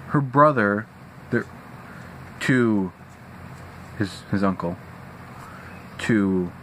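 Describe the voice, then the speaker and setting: A man's voice: mid-range voice, slight background noise, low-quality recording. A young man venting angrily in a profane vlog rant, recorded at home. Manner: angry, profane, animated. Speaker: vlogger. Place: at home indoors.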